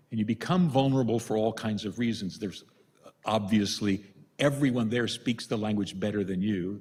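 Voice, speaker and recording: A man's voice: on the low side, breathy edge. An older man, a priest from the United States, giving a retreat talk with storytelling and self-deprecating humor. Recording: long reverb of a large hall.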